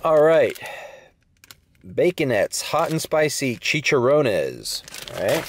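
A man's voice: mid-range voice, very animated, takes it slowly, noisy background. A young man delivering food, ranting bluntly and sarcastically with swearing, speaking English with a slight Latino accent from inside his car. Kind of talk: casual rant vlog.

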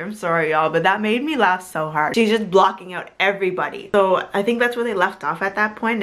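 A woman chatting casually as she recaps a reality show, full of "like" and quick to laugh. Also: fairly low pitch, a bit bright. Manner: chatty, lots of "like", laughs easily.

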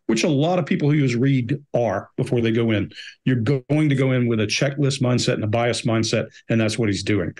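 A man on a behavior analysis panel, giving blunt, emphatic commentary on an interrogation. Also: mid-range voice.

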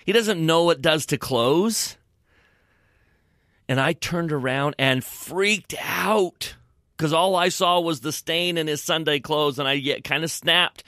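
A man telling an earnest, emotional devotional story about his son, dropping to soft hushed tones at tender moments. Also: fairly high pitch, animated, takes it slowly, no room sound, studio quality. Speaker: scripture podcast guest.

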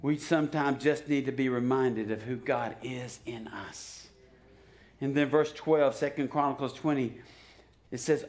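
A pastor preaching a sermon in a church, chatty and joking at times, then rising to loud, fervent exhortation. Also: male voice, a little high, moderate pace. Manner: conversational preaching that swells to loud, shouted exhortation; joking asides and frequent restarts. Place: church sanctuary.

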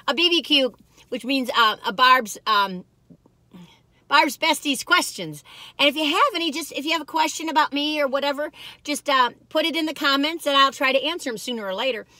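A chatty, excitable woman, reviewing food from her parked car and talking as she eats. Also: high voice, no room sound. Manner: chatty, excitable, folksy, talks while eating.

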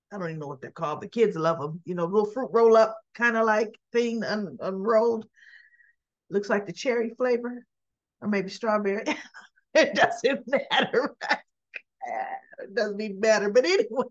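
A woman's voice: on the high side, dull audio. A woman vlogger casually recapping soap opera scenes in a chatty, giggly way, acting out the characters' lines. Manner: chatty, giggly, acts out the quotes.

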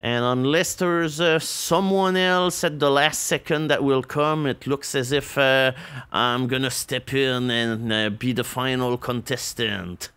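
A man's voice: mid-range voice, steady tone, a little slow, a bit bright, clean tone. A man hosting a party-game tournament on stream, chatting casually, laughing often and hamming up the game announcements.

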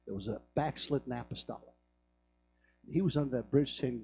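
A man's voice: mid-range voice, moderate pace, warm tone, soft background music. A man preaching a sermon in a church, telling stories and building to fervent calls. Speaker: pastor. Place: church sanctuary.

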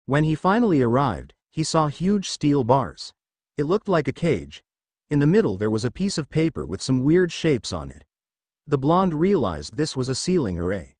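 A man narrating a fan fiction story in an animated reading voice. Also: fairly high pitch, normal speed, no room sound. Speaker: fanfiction reader.

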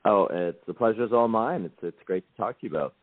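A man's voice: on the low side, quick pace, no room sound. A man from Canada, an actor calling in to a radio interview, easygoing and reflective. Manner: easygoing and reflective, with many fillers. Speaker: actor and guest. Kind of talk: interview answers. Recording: tinny phone line.

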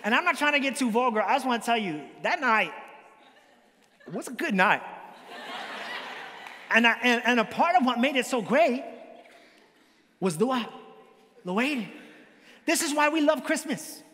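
A male pastor preaching a sermon in a lively, joking way, with big swings in pitch. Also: moderate pace, long pauses. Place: church hall. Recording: long church hall reverb.

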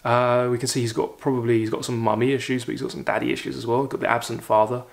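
A man reads a classic short story aloud, lifting his voice for the quoted lines. Between passages he slips into reflective, conversational commentary. His pitch sits in an ordinary middle register. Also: quick pace, creaky. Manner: expressive reading, raises voice for quoted lines, reflective asides. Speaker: literature teacher reading aloud.

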